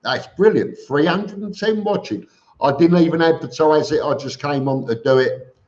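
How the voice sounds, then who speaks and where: A man's voice: on the high side, normal speed, darkish tone. A man hosting a casual live stream, greeting viewers by name and answering their questions with chatty, joking asides. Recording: dull lo-fi stream audio.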